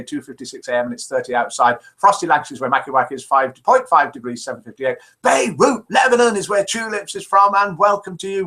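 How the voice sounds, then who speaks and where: A man's voice: medium pitch, sharp tone, rough recording. A man from England with a Midlands accent hosting a live call-in show, chatting and reading out listeners' messages. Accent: English Midlands. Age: older. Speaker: host.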